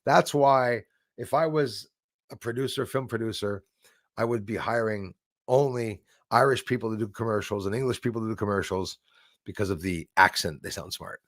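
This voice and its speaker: A man's voice: on the low side, normal speed, a bit bright, no room sound, clean studio sound. A man hosting a live stream, chatting casually and jokingly with viewers, rambling with many fillers and restarts. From Canada.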